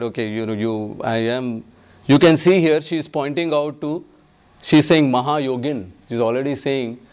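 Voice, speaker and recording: A man giving a devotional class on scripture, emphatic and repetitive, who acts out the people he quotes and chants verses slowly. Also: mid-range voice, darkish tone. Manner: emphatic, repeats phrases, acts out quoted speakers.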